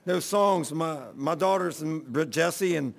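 An older man pastor giving an informal sermon, telling folksy stories with loud exclamations and chuckles. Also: fairly high pitch, a little slow, gravelly.

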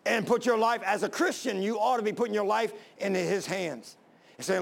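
A man's voice: high voice, a little fast, gravelly. A man preaching a sermon and telling a personal story, fervent and rising to emphatic pleas.

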